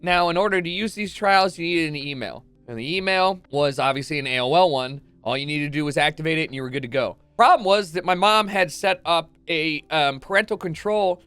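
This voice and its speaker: Young male streamer, excitable comic storyteller, slightly high voice, dry close sound. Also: brisk, few pauses, clean tone, no echo, soft background music. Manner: swearing, excitable, acts out quotes. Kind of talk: animated comedic storytelling.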